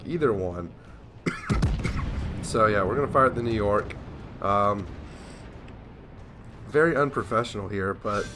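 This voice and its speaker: A man's voice: mid-range voice, a bit bright. Sleepy, yawning young man commentating gameplay. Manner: sleepy, yawning, rambling self-deprecating.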